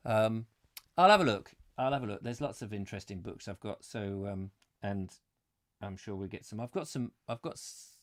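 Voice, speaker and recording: A man's voice: on the low side, moderate pace, darkish tone. Chatty man rambling on a live stream. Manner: rambling, chatty, self-deprecating. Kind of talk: casual live-stream chat. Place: at home.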